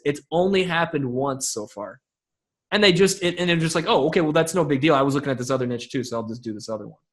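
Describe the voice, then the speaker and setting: Guy on a webinar, kinda higher voice, talks fast and loose, lots of "like". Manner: quick, informal, many restarts and fillers like "like". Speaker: webinar guest presenter. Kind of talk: casual webinar talk.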